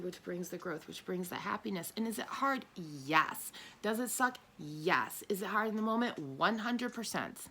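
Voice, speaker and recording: A woman giving a casual, animated spiritual talk as a tarot reader. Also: medium pitch. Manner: animated, chatty, laughs often.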